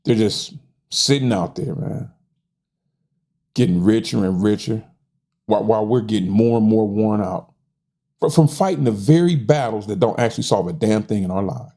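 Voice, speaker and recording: A man's voice: lowish voice, animated, moderate pace, dark tone. A middle-aged American man in a casual monologue, frustrated and folksy, often stumbling over repeated words and tossing in "man". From United States. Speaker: host.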